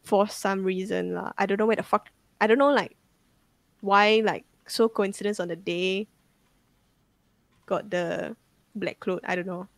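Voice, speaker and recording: A woman's voice: medium pitch, steady tone, unhurried, vocal fry, pauses often, no room sound. A young woman tells a ghost story casually, rambling with lots of "like" and swearing. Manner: rambling, full of "like" fillers and swearing.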